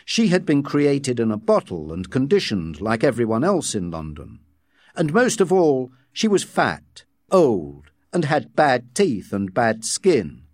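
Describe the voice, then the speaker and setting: A man reading a story aloud with measured scripted narration. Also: medium pitch, huge pitch swings, darkish tone, dry recording, studio quality. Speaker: audiobook reader.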